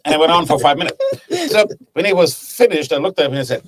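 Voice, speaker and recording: A man's voice: a little high, very animated, fast talker, low-quality recording. A man with a German accent, a guest telling anecdotes in a casual chat about his woodturning club. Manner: chatty, laughs at his own anecdotes.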